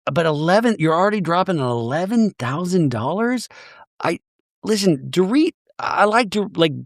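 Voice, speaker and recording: A man's voice: sits high, sing-song, moderate pace, no room sound, studio quality. Rambling gossipy male recap host. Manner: rambling and gossipy, many restarts. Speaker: podcast host. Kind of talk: comedic TV recap.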